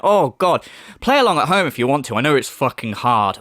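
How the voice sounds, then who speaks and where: A man's voice: medium pitch, a little fast, dry recording, clean studio sound. A man hosting a commentary video, sarcastic and swearing, mocking what he reacts to. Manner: sarcastic, swears a lot, lively mocking impressions.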